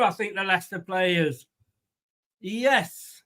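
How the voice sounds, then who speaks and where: A man's voice: high voice, lively intonation, measured pace, a bit bright. A man with a light, rambling, chatty manner, hosting a live football watchalong and reading out viewer comments. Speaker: host of a fan watchalong.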